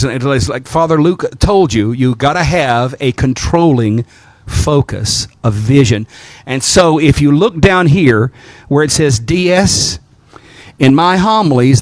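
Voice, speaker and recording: A man's voice: fairly high pitch, dry recording. A middle-aged man from the American South with a Southern accent, a priest teaching clergy how to preach, with folksy storytelling and repeated phrases. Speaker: Orthodox priest teaching homiletics.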